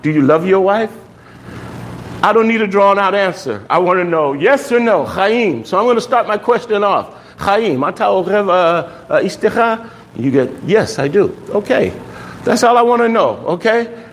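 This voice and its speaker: A man with a high voice teaches a language class, explaining patiently and often pausing with "okay?" to make sure students follow. The recording is rough.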